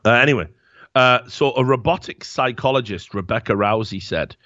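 A man hosting a podcast, reading news stories aloud in casual, animated chat and swearing freely. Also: mid-range voice, moderate pace, no room sound, highs cut off. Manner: animated, swearing, laughing often. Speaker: podcast host.

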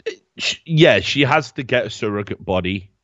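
A man hosting a podcast, reading news stories aloud in casual, animated chat and swearing freely. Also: lowish voice, moderate pace, lo-fi sound. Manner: animated, swearing, laughing often. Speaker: podcast host.

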